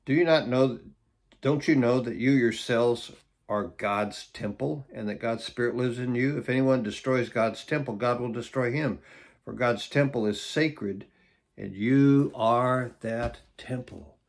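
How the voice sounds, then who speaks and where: A man's voice: medium pitch, measured pace. A middle-aged man preaching as a pastor in a Bible study, emphatic and often checking in with "okay?". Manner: emphatic, repeats key phrases and checks in with "okay?".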